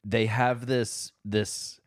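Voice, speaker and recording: Slow-talking laid-back man. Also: fairly low pitch, level tone, dry recording, studio quality. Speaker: podcast co-host. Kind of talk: casual movie discussion chat.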